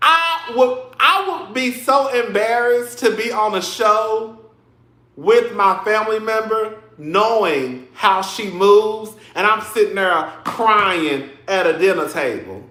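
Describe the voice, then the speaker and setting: A man's voice: sits high, animated, slow pace, bright, forceful tone, roomy sound. A man casually commenting on a reality show, sassy and dramatic, laughing often and calling his listeners girl.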